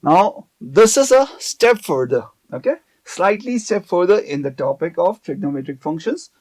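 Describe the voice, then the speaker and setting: A man's voice: high-pitched, sing-song, moderate pace, a little mellow. A man teaching a math lesson on video, explaining step by step and often checking in with "okay".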